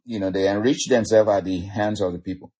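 Husky fervent male preacher. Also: lowish voice, fairly quick. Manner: fervent, frequent "you know" fillers, rising to excited cries. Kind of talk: sermon.

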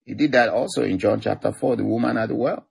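A male pastor chatting in a relaxed, affirming way, filling his talk with "you know". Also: on the low side, fast, gravelly, slightly rough, no echo. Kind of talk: casual ministry chat on a prayer line.

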